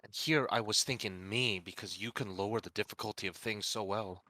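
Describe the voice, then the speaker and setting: A man playing a board game, chatting casually, laughing often and reading game narration aloud. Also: lowish voice. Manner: animated, laughs often, reads aloud quickly.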